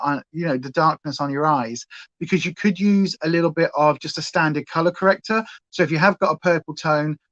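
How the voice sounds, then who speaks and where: A woman's voice: low-pitched, no echo. Woman, beauty livestream host, rambling casual chat, dry close-mic sound, slightly muffled. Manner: chatty, rambling, goes off on tangents. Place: home.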